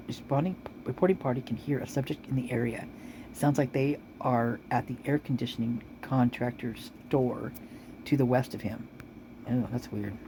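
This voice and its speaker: A woman's voice: very deep voice, vocal fry, background noise. A woman chatting casually and rambling as she reads out local police reports, at times chewing while she talks. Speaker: vlogger reading police reports.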